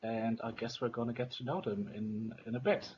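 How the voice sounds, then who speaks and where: A man acting as game master in a relaxed online tabletop session. He speaks at an ordinary middle pitch, easygoing, with plenty of fillers and the odd swear. The voice sounds a little muffled, with faint hiss behind it. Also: brisk. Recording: muffled lo-fi voice chat.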